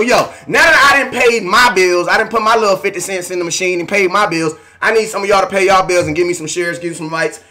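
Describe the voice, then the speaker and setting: A high-pitched man hosts a live stream, greeting viewers one by one. His voice is bright and forceful, and he talks in a hyped, chatty flow. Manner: shouting out viewers by name, hyped and talkative. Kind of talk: casual live stream chat.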